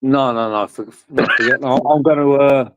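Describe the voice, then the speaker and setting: A man's voice: mid-range voice, fairly even intonation, normal speed, muffled recording, noisy background. A middle-aged man from England hosting a casual livestream chat, rambling and joking with crude humour. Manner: rambling, jokey, swears freely. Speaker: livestream host.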